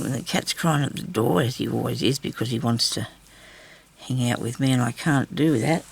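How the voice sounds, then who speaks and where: A woman's voice: rumbling low, normal speed, gravelly, breathy edge. A woman chatting casually in her craft vlog, rambling and talking to herself as she sews close to the camera indoors at home. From Australia. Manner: rambling, chatty, talks to herself while sewing. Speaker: craft vlogger. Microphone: camera mic, very close.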